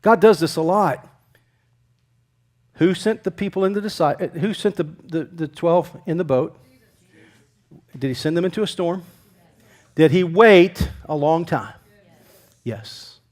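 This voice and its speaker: Male pastor, high voice, conversational sermon, loud emphasis then quiet asides. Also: a little slow, long pauses. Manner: conversational preaching, asks the congregation questions; swings between loud emphatic lines and quiet near-whispers.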